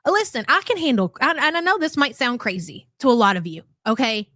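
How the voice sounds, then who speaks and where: Middle-aged woman host, high bright voice, chatty and profane, dry close mic. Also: expressive, brisk, no echo. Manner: chatty, greets chat by name, profane. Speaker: livestream host. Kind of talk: casual commentary livestream.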